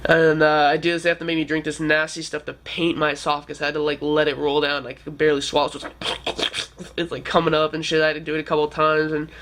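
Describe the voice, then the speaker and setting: A man's voice: on the high side, completely flat delivery, quick pace, fairly bright tone. Young man rambling casually, full of fillers. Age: 20s. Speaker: vlogger. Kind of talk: casual storytelling to camera.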